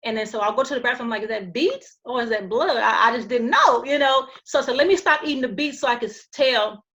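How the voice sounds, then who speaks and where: A woman guest on a podcast, telling a personal story in a calm, earnest way, with frequent restarts and fillers. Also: a little high, fast.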